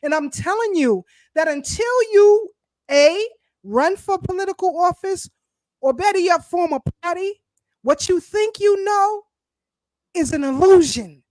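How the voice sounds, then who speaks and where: A woman co-hosting a casual political talk show, speaking in an animated, emphatic way. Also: extremely high pitch, a little slow, no echo. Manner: animated, emphatic, speaks of herself as party founder. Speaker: show co-host.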